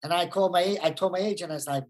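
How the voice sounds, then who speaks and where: A man's voice: high voice, rapid-fire. A man, an actor guest who tells laid-back stories and says "like" a lot. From New York. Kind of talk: casual interview chat.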